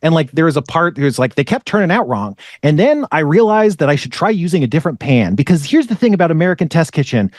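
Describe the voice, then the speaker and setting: A man's voice: a little high, big pitch swings, fast, few pauses, dry recording, clean studio sound. Sarcastic rambling man on a podcast. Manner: rambling, sarcastic, swears freely. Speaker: podcast host. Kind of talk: casual podcast chat.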